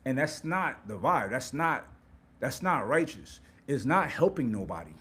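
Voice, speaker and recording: A man's voice: mid-range voice, sing-song, measured pace, a bit bright, husky. A man hosting a live stream, giving an emphatic, preachy motivational monologue with repeated words and rhetorical questions. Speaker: host.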